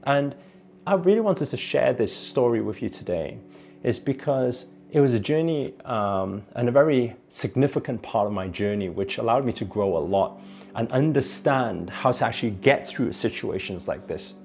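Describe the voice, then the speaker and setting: A self-help speaker telling a personal story on his vlog, expressive and shifting between soft and emphatic delivery. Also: mid-range voice, moderate pace, gravelly, faint music behind.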